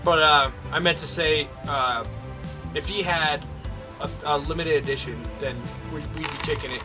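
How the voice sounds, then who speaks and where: A man's voice: a little high, steady tone, normal speed, music in the background. A young man giving sweary, mock-angry let's play commentary. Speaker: gaming video host.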